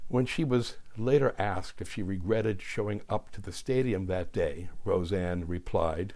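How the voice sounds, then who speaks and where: A man's voice: low voice, a little mellow. Wry man narrating a script. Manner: wry, deliberate delivery with dry asides.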